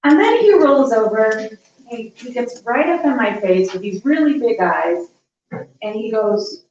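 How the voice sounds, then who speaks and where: A middle-aged woman telling a funny personal story at a live story slam, animated and laughing as she goes. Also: a little high, a little slow. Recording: echoey, distant, dull live room recording.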